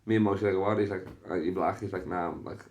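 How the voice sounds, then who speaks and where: Scouse guy yapping about his gigs, lowish voice, swears loads, does little voices. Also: fast talker. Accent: Liverpool. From Liverpool, England. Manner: animated, swears a lot, acts out voices in his stories. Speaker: comedian and podcast host. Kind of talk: casual storytelling chat.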